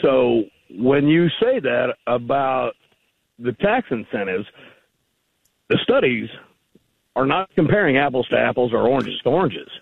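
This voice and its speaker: A man phones in to a radio show, his voice gravelly and rough. He argues in a rambling way, full of fillers. The sound is tinny and dry, like a phone line. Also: medium pitch, very animated, measured pace, pauses often, no echo. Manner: argumentative, rambling, many fillers. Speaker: caller. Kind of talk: call-in radio conversation.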